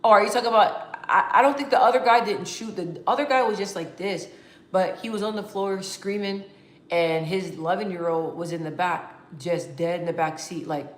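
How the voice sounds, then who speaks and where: Animated, echoey-room woman vlogger. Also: lowish voice, normal speed. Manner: animated, emphatic storytelling with slang and frequent restarts. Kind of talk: casual talk to camera.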